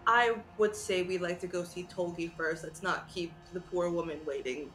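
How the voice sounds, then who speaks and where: Woman, tabletop player, earnest, persuasive, bright tense tone. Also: on the low side, fairly even intonation, moderate pace, roomy sound, faint music behind. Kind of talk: in-character tabletop play.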